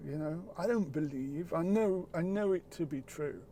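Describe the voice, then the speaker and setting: A man speaking earnestly in a reflective, casual chat, halting and repeating words as he goes, with the odd swear word. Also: on the high side, warm tone, slight background noise.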